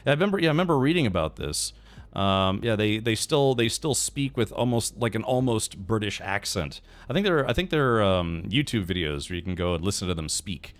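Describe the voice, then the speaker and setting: A man's voice: lowish voice, lively intonation, a little fast. A man streaming a video game, chatting casually, rambling and thinking aloud with lots of fillers and restarts, and reading chat and quest text aloud. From United States. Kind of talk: casual livestream chat while gaming.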